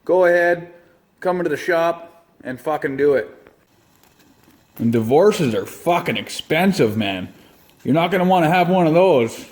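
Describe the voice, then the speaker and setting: A man's voice: on the high side, lively intonation, a little slow, pauses often, a little mellow. A man, giving a crude, swear-filled mock-serious how-to as a comedy vlog host in a shop. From Canada. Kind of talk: profane deadpan comedy monologue. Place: shop or garage.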